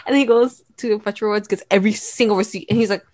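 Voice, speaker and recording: A woman's voice: medium pitch, fairly even intonation, fast, a little mellow, dry recording. A young woman co-hosting a podcast, telling a sibling story in casual chat, giggling and using many fillers. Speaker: podcast co-host.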